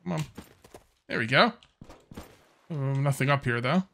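A man's voice: medium pitch, unhurried, vocal fry, bright, forceful tone. A man casually commenting on his survival-game session as he plays, rambling and easygoing with lots of fillers. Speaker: gameplay commentator. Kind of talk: casual let's-play commentary.

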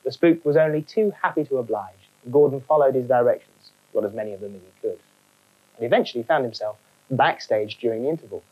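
A woman narrating a children's storybook in a wry, animated way. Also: rumbling low, quick pace, low-quality recording.

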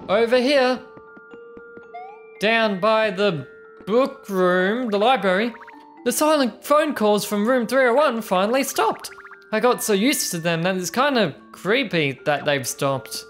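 A young adult woman playing through a video game, chatting playfully and reading the characters' dialogue aloud. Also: medium pitch. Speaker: let's play host. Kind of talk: gameplay commentary.

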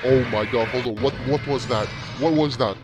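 A young man hosting a casual reaction video, excitable and constantly saying bro, with loud music behind him. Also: mid-range voice, normal speed, heavy background noise.

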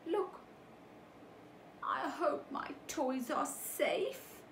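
A woman's voice: sits high, animated, extremely slow, reverberant, a little hiss or hum, pitched above the performer's own voice, full character voice. A woman voicing a small worried male puppy who counts aloud fussily.

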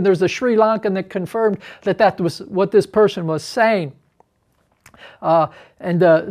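A man teaching about deliverance ministry in an earnest, plain-spoken way, dropping his voice low and hushed when quoting others. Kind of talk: teaching talk to camera.

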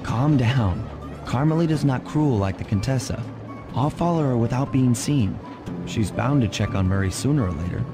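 A man doing a smooth-talking raccoon thief from a video game, cool and sure of himself. His voice swings lively up and down as he reassures his friends over game music. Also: medium pitch, moderate pace, close to an everyday voice. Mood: calm. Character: suave confident male raccoon master thief.

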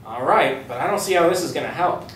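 A man's voice: a little high, expressive, quick pace, a bit bright. A man doing a goofy clueless cartoon dad. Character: dim, boastful cartoon dad. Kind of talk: script table read. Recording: roomy room, distant mic, faint hiss.

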